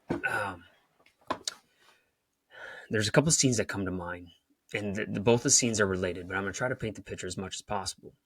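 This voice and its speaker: A man's voice: lowish voice, a bit bright, no echo, clean studio sound. A man hosting a podcast, giving a rambling motivational talk and retelling scenes with emphasis. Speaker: podcast host and coach.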